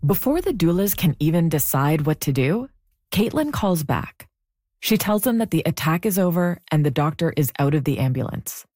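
A woman narrating a podcast story in a measured, composed way. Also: lowish voice, no echo, studio quality. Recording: soft music bed underneath.

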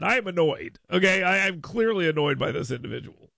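A middle-aged man hosting a talk radio show, sarcastic and mock-petty, jumping between low mutters and hyped shouts in his monologue and ad reads. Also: animated, a little fast, creaky, no room sound. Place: radio studio. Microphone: studio microphone.

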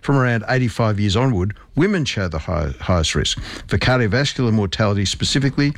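A man's voice: lowish voice, expressive, fast talker, no room sound. A man, a medical expert explaining research findings on a health radio segment, earnest and lecturing, with small restarts.

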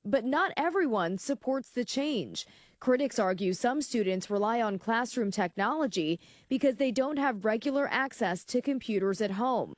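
A woman correspondent filing a steady, informative news report. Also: fairly high pitch, moderate pace, no room sound, clean studio sound.

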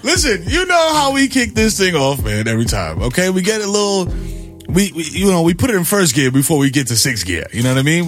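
A middle-aged male radio host, his voice pitched a bit high and swinging widely as he riffs. He jokes and lectures in a playfully preachy way over faint music in the background. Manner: animated, riffing, playfully preachy. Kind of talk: morning radio banter.

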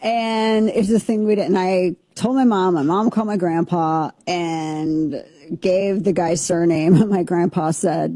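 A woman in her forties with a lowish, mellow voice and a husky edge. She co-hosts a casual talk show and tells a story in an animated, joking way, often talking over herself. The sound is dry and close to a studio mic. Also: unhurried, dry recording. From Southern Missouri. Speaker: show co-host.

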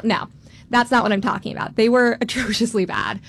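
A woman in her twenties from Florida, telling a personal story on stage in a candid, self-deprecating, animated way. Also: fairly high pitch, a little fast. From Tampa, Florida. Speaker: storyteller, law student.

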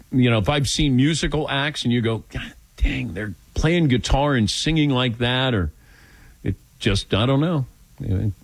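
A man's voice: mid-range voice, no echo. An older man hosting a radio call-in show, telling self-deprecating stories and acting out quotes in a casual chat. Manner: self-deprecating, animated storytelling with acted-out quotes. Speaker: radio talk show host.

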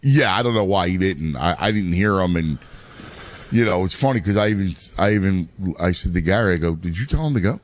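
Rambling baseball dad, dry close voice. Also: male voice, deep voice, animated, a little fast, no echo. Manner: rambling, restarts, explains game strategy. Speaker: youth baseball coach and dad. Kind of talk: casual chat.

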